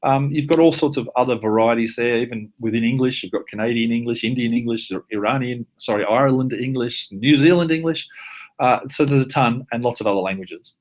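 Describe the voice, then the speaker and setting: Chatty Australian man demoing software. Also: medium pitch, fairly quick. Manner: casual, chatty, lots of fillers and asides. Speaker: workshop presenter. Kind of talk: live online software tutorial. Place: at his computer, live webinar.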